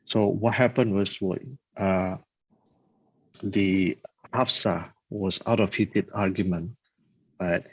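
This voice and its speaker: Casting: deep, slightly raspy man, relaxed storytelling talk, dull dry lo-fi recording. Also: no room sound. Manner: conversational, halting, often checks in with "right?". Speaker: religious talk speaker. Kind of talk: casual religious storytelling talk.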